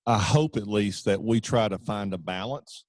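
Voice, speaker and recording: Low-voiced man hosting a podcast. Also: moderate pace, darkish tone, no echo. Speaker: podcast host. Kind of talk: casual interview talk.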